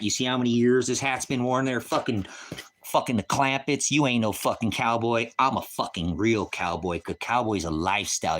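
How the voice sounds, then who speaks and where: Furious, cursing man with a low voice. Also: fairly bright tone. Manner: profane, taunting, confrontational. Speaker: livestreamer. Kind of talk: angry livestream rant. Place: ranch.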